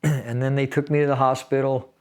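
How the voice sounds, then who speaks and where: Older veteran, sixties, casual storyteller, mid-pitched, chuckles through dark memories. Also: male voice, flat delivery, a little fast. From San Fernando Valley, California. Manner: casual, laughs while telling grim details. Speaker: interviewee, Navy veteran. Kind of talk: personal storytelling.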